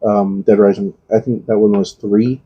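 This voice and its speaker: A man's voice: lowish voice, level tone, normal speed, breathy edge, lo-fi sound. A man co-hosting a podcast, rambling about video games, swearing freely and teasing his friend. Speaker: podcast co-host. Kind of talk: casual chat.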